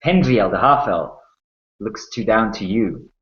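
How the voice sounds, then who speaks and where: A man's voice: lowish voice, expressive, unhurried, fairly bright tone. A man narrating a tabletop game as game master, telling the story in a dramatic way with small restarts. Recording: dull, roomy sound.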